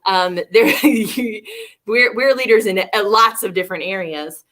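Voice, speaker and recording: A woman's voice: mid-range voice, measured pace, a bit bright. A woman co-hosting a candid leadership talk, speaking reflectively, often laughing and restarting her thoughts. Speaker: leadership coach and co-host. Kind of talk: candid casual conversation.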